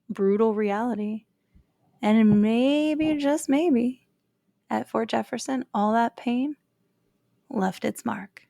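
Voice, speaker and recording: A woman co-hosting a paranormal podcast, chatting casually in an animated, emphatic way and stretching out words for spooky effect. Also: on the high side, slow pace, vocal fry, long pauses, dry recording, clean studio sound. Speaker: podcast co-host. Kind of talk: casual chat.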